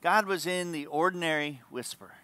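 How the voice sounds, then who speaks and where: Bright-voiced pastor preaching earnestly. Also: male voice, on the high side, moderate pace, clear, resonant tone, dry recording. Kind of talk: sermon.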